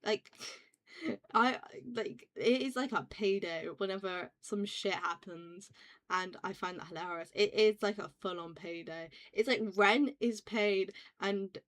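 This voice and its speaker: A woman's voice: medium pitch, unhurried. Rambling young British woman streamer. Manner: rambling, swears freely, frequent restarts and fillers. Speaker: VTuber streamer. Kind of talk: casual chat stream.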